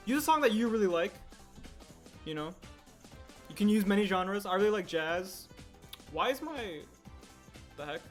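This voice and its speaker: A man livestreaming his stop-motion animation work, chatting casually and rambling as he corrects himself mid-sentence. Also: sits high. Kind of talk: casual livestream chat while working.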